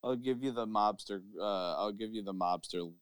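A man with a lower voice co-hosting a casual podcast, relaxed and talkative with crude humor. His voice is smooth and recorded dry and close. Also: normal speed, dry recording. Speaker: podcast co-host.

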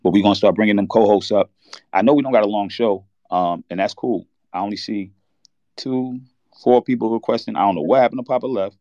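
A deep-voiced man tells a candid story, halting and searching for words. His voice comes through dull, lo-fi, and dry. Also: dark tone, no room sound. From New York. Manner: candid, halting, reliving a loss. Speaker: podcast host. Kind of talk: emotional personal story on a sports talk show.

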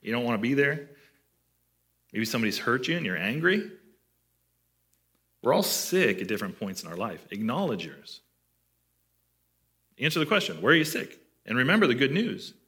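A man delivering a sermon to his church in a bright, forward voice. He talks in a conversational way and often puts questions to his listeners. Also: medium pitch, very animated, normal speed, pauses often. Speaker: pastor.

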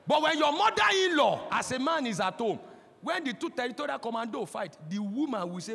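A man in his forties with a Nigerian accent, preaching a sermon as a pastor, impassioned and breaking into shouts. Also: very high voice, sing-song, fast, creaky, a little hiss or hum. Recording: long hall reverb.

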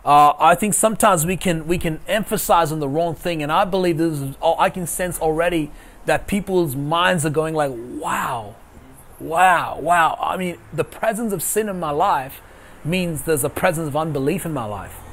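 A male pastor delivers an online sermon over a video call. His voice sits a little high for a man, and he leans into key lines, repeating them for emphasis. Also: moderate pace.

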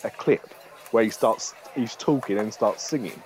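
A man's voice: lowish voice, moderate pace, darkish tone. A young man co-hosting a podcast, talking casually and rambling a little, with plenty of hesitant fillers. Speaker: podcast co-host. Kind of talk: casual chat.

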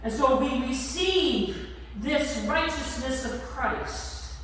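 A woman pastor preaching a sermon, slow and emphatic, drawing out the ends of her lines. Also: high-pitched, lively intonation, a bit bright, a little hiss or hum. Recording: echoey church hall from far off.

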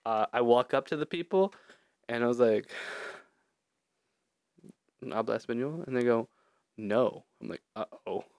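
A man's voice: medium pitch, a little fast, clear, resonant tone, no room sound. Guy on a podcast, swears a lot, tells work stories, dead dry sound. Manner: animated storytelling, swears freely. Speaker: podcast co-host. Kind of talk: casual chat.

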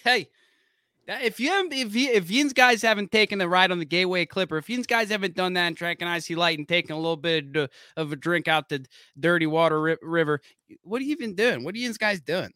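Man hamming up a high, bright, hyped Pittsburgh yinzer who brags about his city. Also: quick pace, no room sound, clean studio sound. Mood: jeering. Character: rowdy male Pittsburgh local bragging about his city.

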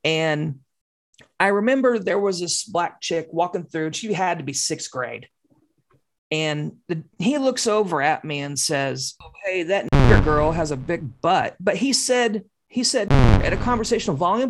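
A woman's voice: fairly low pitch, animated, normal speed. Heated, profane woman in her forties. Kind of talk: casual chat.

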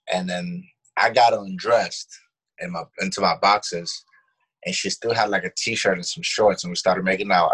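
A deep, husky-voiced man with a New York accent, talking casually on a podcast. He tells personal stories bluntly and swears freely, in a loose, conversational flow. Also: fairly bright tone. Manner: blunt, profane storytelling. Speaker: podcast co-host. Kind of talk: casual chat.

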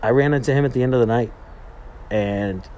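A man's voice: medium pitch, fairly quick, darkish tone, slight background noise. A young man hosting a podcast, telling a trip story in a rambling casual way, full of fillers and restarts. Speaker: podcast host. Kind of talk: casual monologue, retelling a trip.

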